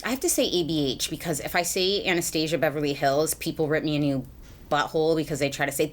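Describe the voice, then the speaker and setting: A woman's voice: sits low, quick pace. A woman in her thirties from the US, chatting casually while doing her makeup at home, rambling with fillers and little laughs. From United States. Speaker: beauty vlogger. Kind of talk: chatty get-ready-with-me vlog. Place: home, at a mirror, indoors.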